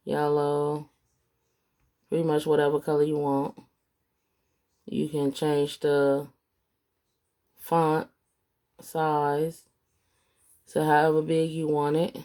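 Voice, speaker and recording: A woman's voice: low voice, dark tone. A woman hosting a casual step-by-step craft tutorial, talking unhurriedly with an itchy throat from allergies. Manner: unhurried, plain instructional talk.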